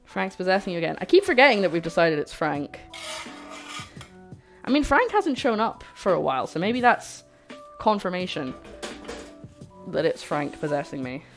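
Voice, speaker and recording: A woman cooks on a livestream and jokes around with her viewers, a little music faintly audible. Her fairly low voice is very animated at normal speed, broken by long pauses.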